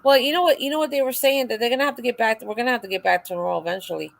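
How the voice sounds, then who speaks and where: A woman hosting a casual livestream chat, telling a story with lively, acted-out dialogue. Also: on the high side, racing, vocal fry. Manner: animated storyteller, acts out quoted dialogue. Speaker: livestream host.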